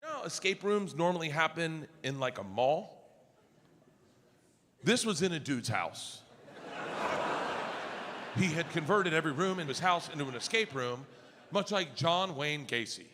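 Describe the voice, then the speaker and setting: A male stand-up comedian telling a story on stage, loud and profane, acting out his family's voices. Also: a little high, expressive, unhurried, pauses often. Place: large theater stage with audience laughter. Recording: live hall recording with ambient noise.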